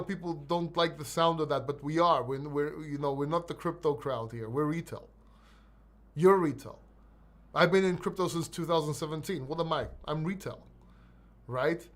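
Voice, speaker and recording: A man's voice: fairly high pitch, moderate pace, fairly bright tone. A man with a mixed London and Greek accent hosting a live crypto Q&A. He answers chat questions bluntly and emphatically, swears, and often repeats himself or restarts. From born in London, raised in Greece. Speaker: crypto livestream host.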